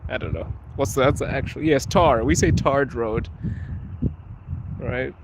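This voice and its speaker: A man's voice: medium pitch, a little slow. A man from Africa live-streaming as he walks outdoors through city streets, chatting casually, laughing often and answering viewers' comments. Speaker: vlogger. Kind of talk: live-streamed walking vlog. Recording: noisy outdoor street recording.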